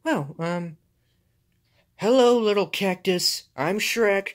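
A woman's voice: mid-range voice, slow, lightly acted. A woman voicing a grumpy, rude male green ogre, sighing and grumbling in home toy play-acting.

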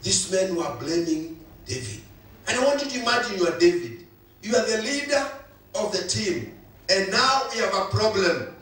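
A man's voice: high voice, lively intonation, normal speed, bright, forceful tone. A male pastor, preaching a sermon with emphatic repetition. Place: church hall. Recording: echoey hall, voice from far off.

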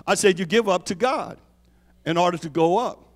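A man with a high voice preaches a sermon in a church sanctuary. He repeats key phrases and calls out to the congregation for a response. His voice rings out with a long hall reverb. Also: moderate pace. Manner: call-and-response preaching, repeats lines for emphasis. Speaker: apostle preaching.

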